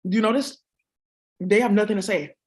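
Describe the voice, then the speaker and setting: A woman's voice: medium pitch, fairly quick, darkish tone. A woman vlogger rambling through a casual monologue, exclaiming often, laughing and swearing freely.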